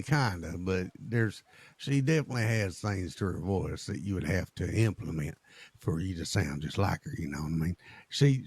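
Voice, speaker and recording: Casting: husky, gravelly man, lowish voice, playful drawl, dry close mic. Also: no room sound. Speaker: roleplay character. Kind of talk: in-character roleplay chat.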